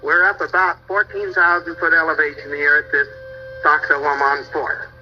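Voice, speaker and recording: High-voiced man narrating an old lo-fi slide talk. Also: flat delivery, normal speed, soft background music. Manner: folksy, explaining, gropes for place names. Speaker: travel lecturer narrating slides.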